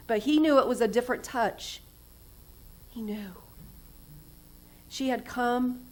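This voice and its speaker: A middle-aged woman, a recovery house director, giving a church sermon in an earnest voice that often drops to a soft whisper. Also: mid-range voice, slight background noise, poor audio.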